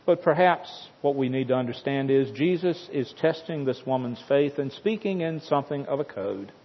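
Delivering a sermon, a preacher with a husky, somewhat breathy mid-range voice recounts the story expressively, at normal speed, pressing points through dramatic emphasis and repetition. The audio is muffled and dull, and a long church-like reverb trails each phrase.

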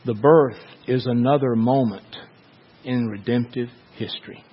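A male pastor delivers a sermon at an unhurried, measured pace, letting phrases hang between dramatic pauses. His voice sits at an ordinary pitch, slightly muffled, and trails off into a long hall reverb. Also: steady tone, slightly rough.

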